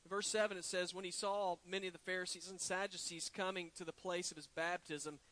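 Male pastor, high bright voice, lilt, dramatic preaching with sudden hushed drops. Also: flat delivery, low-quality recording. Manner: preaching with dramatic drops to a hush and slow emphatic words. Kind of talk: sermon.

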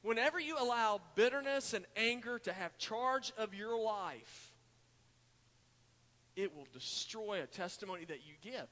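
A man's voice: high voice, expressive, a little slow, bright, forceful tone. Man, pastor, folksy sermon, echoing hall. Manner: folksy storytelling, addresses crowd as y'all. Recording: church hall reverb.

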